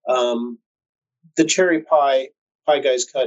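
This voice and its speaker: A man's voice: medium pitch, normal speed, lo-fi sound. A man who breeds cannabis, telling long stories in a laid-back, profane way, with lots of fillers, and acting out quoted voices. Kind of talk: casual storytelling chat.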